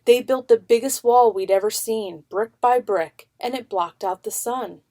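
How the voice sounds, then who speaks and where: A woman voicing a gentle old grandfather who recalls his childhood in a soft, rueful way. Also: on the high side, a little slow. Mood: reminiscing.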